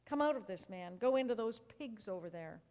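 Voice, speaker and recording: A woman reading a Bible story aloud, voicing a calm, kindly man who heals, in a gentle, even storybook manner. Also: mid-range voice, moderate pace, natural voice. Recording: reverberant church hall.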